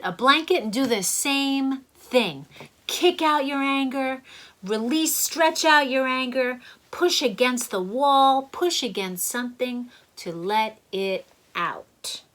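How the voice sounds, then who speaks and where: A middle-aged woman, a child therapist, gently and encouragingly walking children through calming exercises. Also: high-pitched, rough recording. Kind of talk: instructional talk to children.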